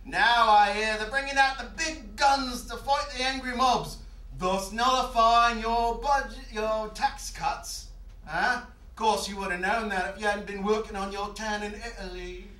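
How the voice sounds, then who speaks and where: A man's voice: sits high, fairly even intonation, measured pace, sharp tone. A man voicing a mounted stag head that chides a politician in a mock-British manner, recorded on an echoey stage from a distance. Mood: chiding. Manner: mock-British, chiding and sly. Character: talking mounted stag head, male, wry and meddling.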